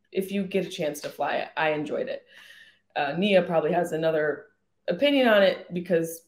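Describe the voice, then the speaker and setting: A woman's voice: lowish voice, a little mellow, reverberant. A woman hosting her own podcast, rambling through casual jokey stories with plenty of swearing. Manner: chatty, profane, jokey rambling. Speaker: podcast host. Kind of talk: casual solo podcast chat.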